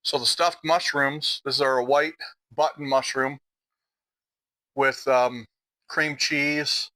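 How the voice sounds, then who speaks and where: A man's voice: medium pitch, fairly even intonation, slow, pushed and bright, low-quality recording. A middle-aged man with a Midwestern American accent, chatting casually on his home vlog while he eats dinner and sometimes talks with his mouth full. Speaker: outdoor vlogger.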